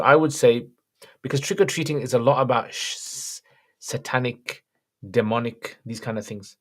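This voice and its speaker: A man hosting a casual livestream Q&A, reading viewer questions aloud and answering them plainly in a relaxed, conversational way. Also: mid-range voice.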